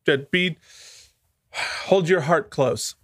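A man co-hosting a casual podcast, animated and playful, laughing often as he reads listener mail. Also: a little high, very slow, dry recording, studio quality. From Vermont. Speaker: podcast co-host.

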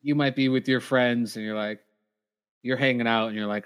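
A man co-hosting a casual podcast chat, easygoing and quick to agree. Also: mid-range voice, steady tone, clear, resonant tone. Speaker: podcast co-host.

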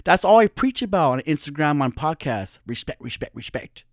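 A man's voice: a little high, sing-song, moderate pace, dry recording, clean studio sound. A man who is a podcaster and social media personality, telling a story as a casual monologue. He talks in a profane, ranting way.

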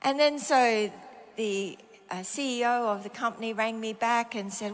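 A middle-aged woman with an Australian accent delivers a sermon in a bright, high voice. She tells stories from her own life in an animated way, acting out prayers and dialogue as she goes. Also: normal speed. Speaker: preacher. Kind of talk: sermon with personal storytelling.

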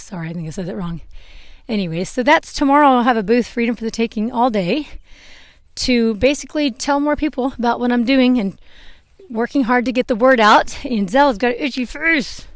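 A woman's voice: on the high side, no room sound, clean studio sound. A young adult woman chatting casually while grooming her horse, rambling a little and laughing at her own slips. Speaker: horse owner and vlogger. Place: outdoors with a horse. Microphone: clip-on microphone.

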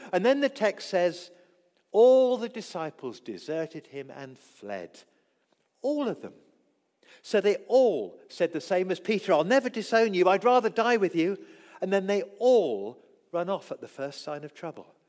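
A man preaching a sermon who acts out the quoted voices and swings between loud and soft. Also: sits high. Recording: long echo of a church hall.

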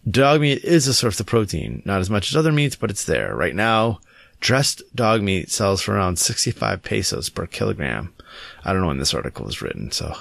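A man with a lowish, gravelly voice chats casually and reads an article aloud, stumbling and restarting as he goes. The sound is dry and close, with no room echo. He talks in a halting, squeamish way. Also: big pitch swings, a bit bright. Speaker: podcast co-host.

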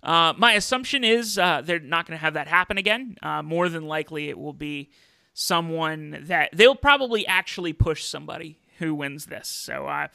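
Bright, gravelly man talking wrestling. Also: a little high, lively intonation, normal speed, no echo. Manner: chatty, with many fillers and restarts. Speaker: podcast host. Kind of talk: casual wrestling talk.

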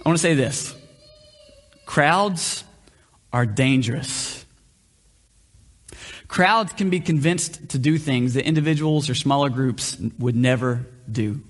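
A man's voice: medium pitch, slow pace, pauses often, faint music behind. A male pastor preaching a conversational sermon, often asking the room questions. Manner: conversational, asks the room questions, varies pace. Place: church hall. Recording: long reverb of a hall.

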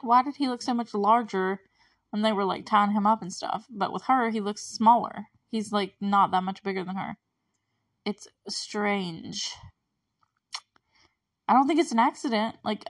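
A woman's voice: on the high side, moderate pace, no echo. Chatty woman podcaster, slightly distant mic. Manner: rambling, chatty, laughs often, puzzled asides. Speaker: podcast host. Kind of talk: casual movie recap.

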